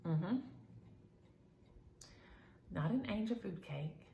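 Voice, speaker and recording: Lady rambling on her stitching vlog, lots of ums, low voice. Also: moderate pace, gravelly, long pauses, roomy sound, slight background noise. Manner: rambling and folksy, many ums. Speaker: flosstube host. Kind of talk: casual chat to viewers. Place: room at home.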